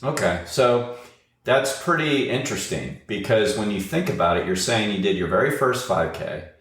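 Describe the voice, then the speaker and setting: Podcast host guy, really deep voice, rambles a bit, echoey room. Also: lively intonation, normal speed, a bit bright. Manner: chatty, rambling, many uhs. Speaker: podcast host and running coach. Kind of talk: podcast interview.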